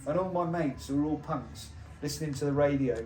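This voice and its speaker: A man's voice: fairly high pitch, a little fast, dark tone, recorded from a distance. An English man in his sixties chatting casually, telling rambling stories peppered with swearing. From England. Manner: swears often, rambling storytelling. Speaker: guest. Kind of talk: casual chat. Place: indoors at a pub. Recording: echoey room with music behind.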